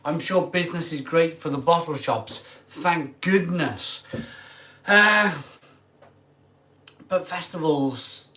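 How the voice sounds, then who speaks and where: A man's voice: on the high side, takes it slowly, pauses often, pushed and bright. A man hosting a casual live stream about beer, rambling and emotional as he chats to his viewers. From United Kingdom. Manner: rambling, emotional, talks to viewers, drinks on camera.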